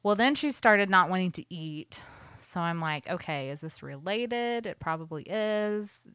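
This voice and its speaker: A woman's voice: lowish voice, lively intonation, unhurried, a bit bright, clean tone, no echo, clean studio sound. A young woman telling a story in casual podcast chat, full of "like"s. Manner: chatty storytelling with many "like"s.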